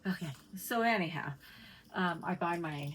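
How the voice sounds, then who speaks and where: A woman's voice: lowish voice, expressive, normal speed, slight background noise, rough recording. Chatty middle-aged woman vlogging at home. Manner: chatty, rambling, talks to her cat. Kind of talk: casual chat to camera.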